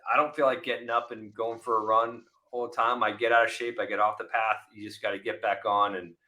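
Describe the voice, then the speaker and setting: A man in his forties, a former military officer guest on a podcast, chatting casually and telling animated stories. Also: on the low side, a little fast. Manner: animated storyteller, acts out voices in anecdotes. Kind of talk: casual interview chat.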